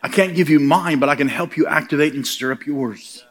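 A man's voice: fairly high pitch, fairly quick, slightly rough. A middle-aged man preaching a sermon, telling stories and acting out the voices he quotes, building to emphatic punchlines.

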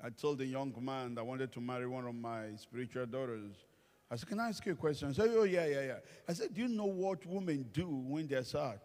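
With a mid-range voice and a slightly fast delivery, a male pastor gives a funny sermon in a church hall. He tells stories with animation and acts out the quoted voices, and the sound has the long reverb of a big hall.

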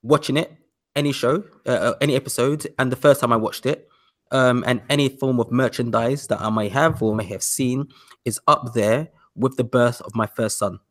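A man in his thirties from the UK, telling a rambling, animated story in a casual podcast chat. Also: medium pitch, moderate pace. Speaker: podcast guest.

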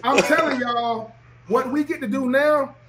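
A man's voice: extremely high pitch, unhurried, noisy background. A man, a former football player talking on a podcast in an emphatic, preachy way, often repeating himself. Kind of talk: animated podcast talk.

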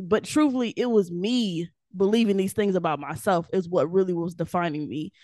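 Lively woman telling her story. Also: on the low side, fairly quick, dry recording, clean studio sound. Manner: animated storyteller, laughs often. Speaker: guest, devotional author. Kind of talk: casual faith chat.

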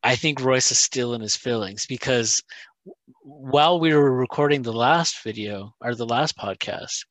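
A man's voice: mid-range voice, normal speed, a bit bright, dry recording. A man co-hosting a podcast, talking casually and telling a story with lots of "right?" and "you know", acting out what others said. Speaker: podcast co-host. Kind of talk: casual chat.

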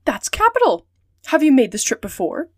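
A cheerful, trusting manservant, read by a woman speaks in an amiable, eager way from the pages of a storybook. The voice sits fairly high and sounds close and dry, with no room around it. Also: wildly swooping pitch, moderate pace, dry recording, full character voice. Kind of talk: storybook reading.

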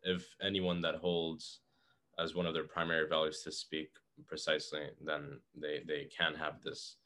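Man with an extremely deep voice. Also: completely flat delivery, moderate pace, sharp tone. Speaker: podcast guest. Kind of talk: casual philosophical discussion.

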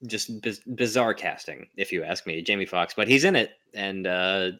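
A man talks through a movie recap in a relaxed, rambling way. His voice sits a little low. He fills pauses with "uh" and "you know". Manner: rambling, many fillers, laughs often. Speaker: podcast host recapping a film. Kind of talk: casual chat.

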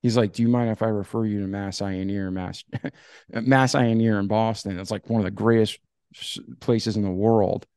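A man telling his life story in a podcast interview, with a lively, casual delivery that acts out past conversations. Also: on the low side, normal speed, clear, resonant tone, no room sound, clean studio sound. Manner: animated, acts out dialogue with "I'm like". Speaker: podcast guest.

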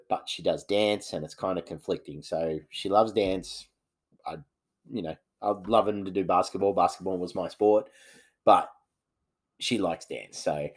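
A man's voice: sits low, darkish tone. A man, sounding congested from hay fever, rambling casually as the host of a solo podcast. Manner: rambling, chatty, many fillers.

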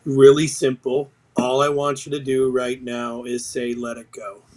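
A man's voice: mid-range voice, little pitch movement, measured pace, darkish tone. A middle-aged man talks as a podcast guest. He speaks bluntly and swears freely while he tells stories. His voice sits in a plain mid range. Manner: blunt, profane, storytelling. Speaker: podcast guest, retired sergeant major. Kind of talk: casual interview chat.

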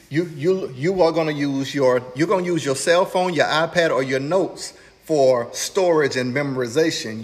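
A man preaching a sermon as pastor, in an animated, conversational way, retelling scripture playfully and repeating key lines for emphasis. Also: a little high, in a large hall. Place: church room streamed online.

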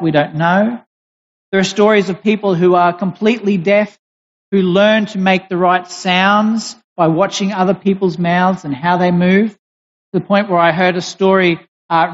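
Preacher in an echoing hall. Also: mid-range voice. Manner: deliberate, emphatic, with pauses and restarts. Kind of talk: sermon. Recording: dull recording in a reverberant hall.

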